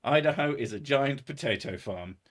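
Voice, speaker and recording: A man's voice: mid-range voice, lively intonation, normal speed. A man chatting casually on a livestream, rambling and sardonic, with heavy swearing. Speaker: streamer.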